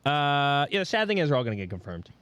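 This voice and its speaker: A man's voice: on the high side, big pitch swings, quick pace, a bit bright, smooth, no echo. A young man co-hosting a podcast, joking through casual banter. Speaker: podcast co-host. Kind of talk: casual chat.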